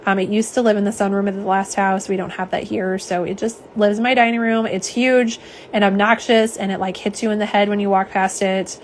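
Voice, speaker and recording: Woman, young, mid-pitch, chatty live-stream host; faint noise underneath. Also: level tone, fairly quick. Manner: chatty and warm, lots of fillers and asides. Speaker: nail polish swatcher. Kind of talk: live-stream chat, reading viewer comments. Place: home office.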